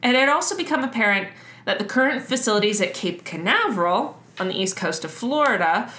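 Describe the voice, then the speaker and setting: A woman's voice: medium pitch, animated, fairly quick, bright, forceful tone. A woman co-hosting a podcast, explaining history in a loose, chatty way with lots of fillers. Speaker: podcast co-host. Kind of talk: casual history chat. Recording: roomy echo.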